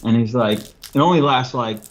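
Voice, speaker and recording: A man's voice: mid-range voice, moderate pace, low-quality recording. A man in casual chat, telling profane stories in a laid-back way.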